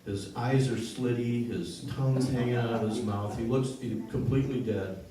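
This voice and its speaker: A man's voice: mid-range voice, background noise. A man hosting a small concert series, telling a joke and making announcements with many ums and uhs. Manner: rambling, halting with many fillers. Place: small concert venue with an audience. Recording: roomy live room recording from far off with crowd.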